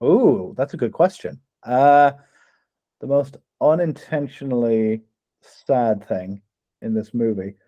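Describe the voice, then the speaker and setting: A man's voice: medium pitch, slow pace, no echo, lo-fi sound. A young Irish man co-hosting a casual film review chat, chatty and laughing often, with frequent restarts. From Ireland. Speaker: podcast co-host.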